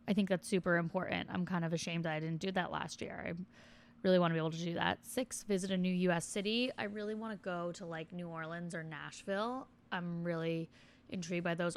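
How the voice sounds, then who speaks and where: A woman's voice: mid-range voice, gravelly. A young woman in her twenties chatting casually in a vlog, reading out a list and commenting on each item with self-deprecating asides. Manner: reads list items then comments on each. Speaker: vlogger.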